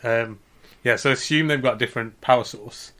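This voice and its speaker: A man's voice: medium pitch, a little fast, fairly bright tone. A man co-hosting a comedy podcast, bantering playfully and laughing often as he riffs on silly ideas. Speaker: podcast co-host.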